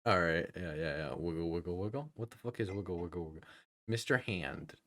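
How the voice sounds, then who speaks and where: A man with a very low, deep voice chats loosely on a live stream. He swears freely, laughs often and rambles through half-finished thoughts while he answers chat. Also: brisk, a crowd in the background. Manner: profane, giggly, rambling. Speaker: VTuber streamer host.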